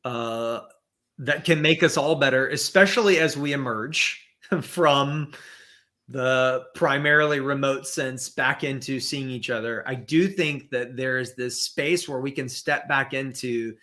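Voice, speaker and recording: A man's voice: mid-range voice, a little slow, sharp tone. A man as a podcast guest in casual conversation, thinking aloud with many fillers and restarts, over a video call.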